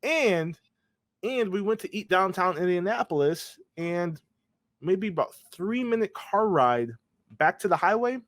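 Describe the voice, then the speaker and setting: A man co-hosting a sports podcast, blunt and excitable, swearing freely. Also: sits high, unhurried, no room sound. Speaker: podcast co-host. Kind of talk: casual sports chat.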